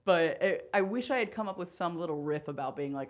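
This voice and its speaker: A woman from Pennsylvania, a comedian guest on a podcast, talking casually in a quick, joking, self-deprecating way. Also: on the low side, animated.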